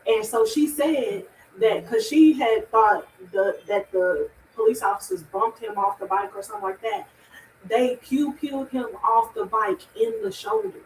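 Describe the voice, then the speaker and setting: A woman with a slightly high voice joins a livestream and explains things in a matter-of-fact way. She sounds echoey and set back from the mic, with faint noise behind her. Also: big pitch swings, unhurried, far from the mic. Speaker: livestream guest. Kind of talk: casual chat.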